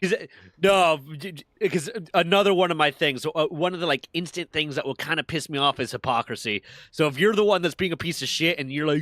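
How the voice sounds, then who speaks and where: A man's voice: on the high side, a little fast, fairly bright tone, dry recording, studio quality. A man in casual chat, telling heated stories with plenty of swearing. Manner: profane, heated storytelling.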